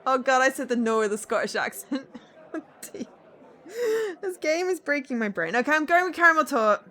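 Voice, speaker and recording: A woman's voice: high voice, lively intonation, moderate pace, pauses often, pushed and bright, a faint crowd. A woman streamer reading a visual novel aloud, with playful, laughing asides.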